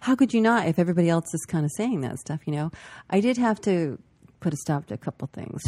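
Woman, lowish husky voice, mellow, giggly chatty co-host, casual chat. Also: expressive, quick pace, no echo.

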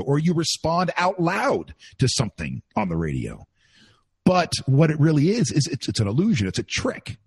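A man who used to work in radio, talking in a casual podcast chat, telling animated stories and mimicking announcer voices. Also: on the low side, husky, no echo. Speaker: former radio host.

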